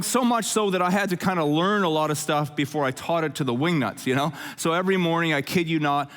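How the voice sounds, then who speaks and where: A middle-aged man preaching a conversational sermon as pastor, telling stories with jokes and lively asides. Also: fairly high pitch. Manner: jokey, animated storytelling with asides.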